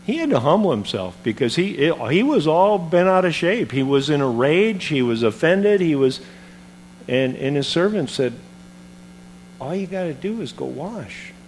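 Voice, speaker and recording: A man preaching a sermon, retelling a Bible story in an animated, conversational way with modern comparisons. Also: fairly high pitch, normal speed, slight background noise.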